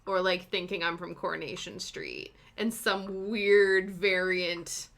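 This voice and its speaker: A woman's voice: on the low side, slow pace, creaky, fairly bright tone. A young woman, chatting casually with viewers while she stitches and sometimes counting stitches under her breath. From Canada. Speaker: cross-stitch streamer.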